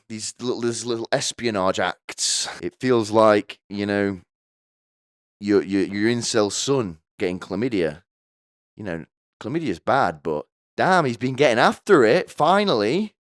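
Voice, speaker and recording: A man's voice: on the low side, expressive, unhurried, no echo, studio quality. A young man hosting a podcast with a crude, rambling, sardonic comedic monologue. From United Kingdom. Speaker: podcast host.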